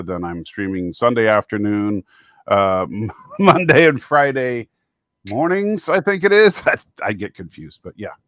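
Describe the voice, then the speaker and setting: Low-voiced American man, halting on a call. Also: a bit bright, dry recording, clean studio sound. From United States. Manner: halting, with repeated restarts. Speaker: guest streamer. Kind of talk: casual video-call chat. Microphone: video call.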